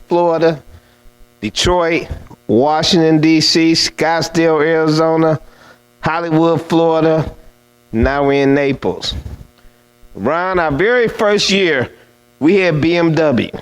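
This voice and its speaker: A man's voice: a little high, rough recording. A man emceeing an awards dinner, telling a funny story to the audience in a playful, teasing, chatty way.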